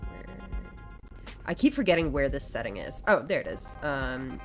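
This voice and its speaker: A woman streaming a game and chatting casually with a co-player, giggly and animated. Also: very deep voice, normal speed, faint music behind. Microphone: desk mic with Discord call.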